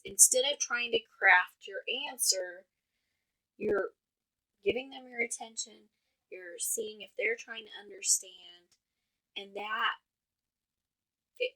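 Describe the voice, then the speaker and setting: A woman's voice: mid-range voice, sharp tone, rough recording. A woman, a mother co-hosting a podcast, explaining communication tips casually while thinking aloud with fillers. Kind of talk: casual advice chat.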